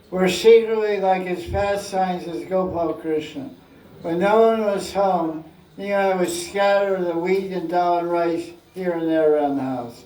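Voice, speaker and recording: A spiritual teacher leads a scripture class, telling stories playfully and acting out scenes. His voice is high-pitched with a darkish tone. He's recorded from a distance in an echoey room.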